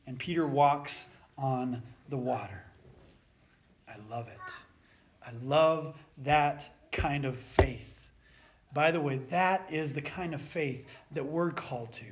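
A man delivering a sermon in a fairly high voice. He takes his time, leaning hard on key phrases before falling to soft, hushed asides. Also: takes it slowly. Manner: emphatic, swinging between loud urging and soft near-whispers. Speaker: preacher.

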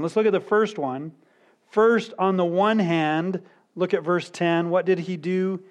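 Slow-speaking male pastor preaching. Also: sits high, steady tone. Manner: teaching verse by verse, slowing down to stress key words. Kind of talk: sermon.

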